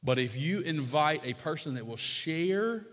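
A middle-aged man preaching a sermon as pastor, building to emphatic repeated lines, then easing into quiet, conversational teaching. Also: a little high, lively intonation, unhurried, long reverb tail.

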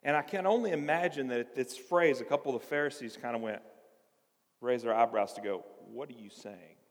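Animated man preaching in a reverberant hall. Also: mid-range voice, brisk. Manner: animated, acts out voices of the text. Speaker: pastor. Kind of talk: sermon.

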